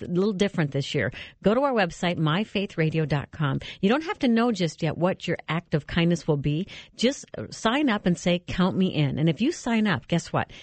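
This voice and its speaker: A woman radio host talks upbeat and persuasive as she promotes a campaign to her listeners. Her voice sits a little low. It is a dry, close studio recording. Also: darkish tone, dry recording.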